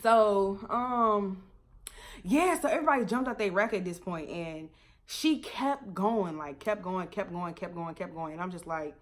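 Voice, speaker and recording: A young woman vlogger telling a story in a casual, animated way, laughing often and swearing freely. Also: medium pitch, a little slow.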